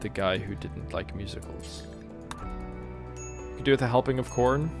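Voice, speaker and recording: A man's voice: medium pitch, normal speed, vocal fry, music in the background. A British man chatting casually with his live-stream viewers while playing a game, rambling and joking and humming to himself between remarks. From Britain.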